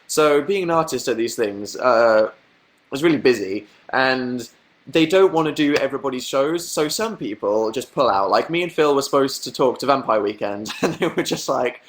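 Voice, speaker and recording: A man's voice: animated, normal speed. A young man chatting casually on a livestream, telling stories, reading comments and laughing often. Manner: chatty storytelling, acting out quotes in higher voices, laughing. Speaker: livestream host.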